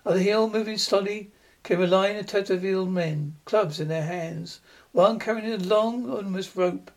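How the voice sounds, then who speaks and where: A man's voice: high voice, moderate pace. A man narrating a dramatic story aloud.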